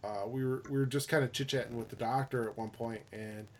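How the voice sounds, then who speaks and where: A man's voice: mid-range voice, fairly even intonation, a little fast, a little hiss or hum. A man hosting a casual chat, telling an anecdote with rambling restarts, fillers and swearing.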